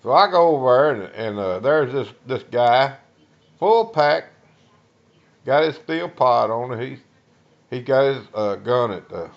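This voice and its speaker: An older man from Texas with a Texan accent, a veteran telling a personal war story in a folksy, halting way, full of uh's and restarts. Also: mid-range voice, lively intonation, gravelly, muffled recording. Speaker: Vietnam veteran.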